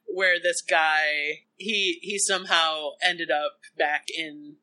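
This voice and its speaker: A woman's voice: deep voice, fairly even intonation, sharp tone. A woman in casual chat who laughs easily and likes to explain things. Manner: chatty, laughs often, quick to explain.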